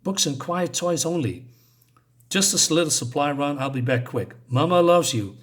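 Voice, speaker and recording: A stern, protective mother laying down rules in a firm, instructing tone, as a man reads her from a comic. The voice stays close to the reader's own, mid-high for a man. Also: animated, normal speed, husky.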